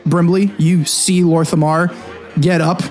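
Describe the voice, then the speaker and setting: Male game master, high-pitched, easygoing and laughing; faint music bed. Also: little pitch movement, measured pace, darkish tone. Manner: laughing, loose, playful. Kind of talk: narrating a tabletop game.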